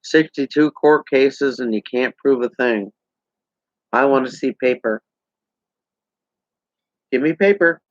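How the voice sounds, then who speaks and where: A vlogger rants sarcastically about politics to a camera, heated and rambling, in a mid-range voice. He takes it slowly and pauses often, and the dry recording has a dull lo-fi sound.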